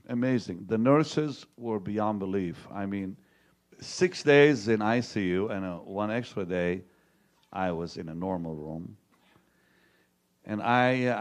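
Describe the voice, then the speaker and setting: A middle-aged male pastor telling his own story to a live congregation, halting and repeating words, dropping to a hushed tone when he retells what was said to him. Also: fairly low pitch. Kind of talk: testimony preached to a live audience.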